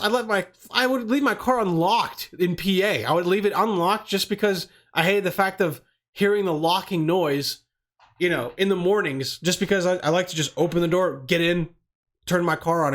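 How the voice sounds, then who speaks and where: A young man hosts a solo podcast, rambling through loose, profane, slang-heavy talk. His voice sits on the high side and sounds a bit bright.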